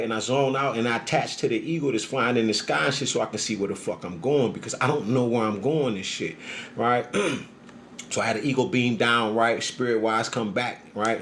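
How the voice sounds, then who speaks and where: A man telling a story in casual, profane street talk, often checking in with "right?", moving between a low calm murmur and loud heated bursts. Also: slight background noise. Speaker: storyteller recounting his experience. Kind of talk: casual monologue.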